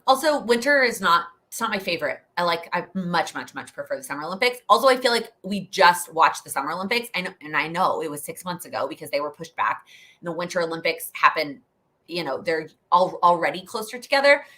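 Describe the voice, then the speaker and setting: A woman's voice: fairly low pitch, lively intonation, fast talker, pushed and bright. A young woman hosting a live Q&A stream, chatty and rambling, laughing often as she answers questions. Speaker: host.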